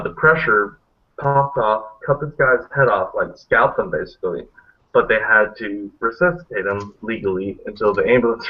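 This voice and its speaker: A man hosting a casual group video chat, rambling and blunt, swearing freely. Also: on the low side. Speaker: hangout host. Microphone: video call. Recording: tinny phone-like audio.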